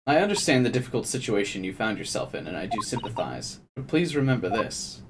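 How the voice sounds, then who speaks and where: A man's voice: on the low side, very animated, background noise. A man doing a stern, formal investigator. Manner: formal, measured, courteous. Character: calm, stern male investigator, polite and formal. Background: game music.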